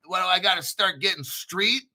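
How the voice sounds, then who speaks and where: A man's voice: sits high, fairly quick, pushed and bright. A man hosting a crypto channel, reading a news article aloud in a rambling, boastful way, full of crude swearing and jokey asides.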